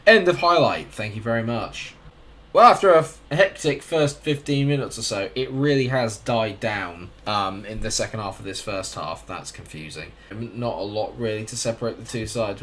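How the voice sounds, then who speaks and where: A man's voice: lowish voice, fairly bright tone, slight background noise. A man giving casual, chatty commentary on his own football management game, calling the action as it plays out. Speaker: gaming YouTuber.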